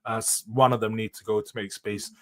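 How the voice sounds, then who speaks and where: A young man, hosting a casual football live stream, opinionated and quick to laugh. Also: on the low side, flat delivery, a bit bright. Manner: chatty and opinionated, laughs often, uses slang. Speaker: football channel host reading live chat.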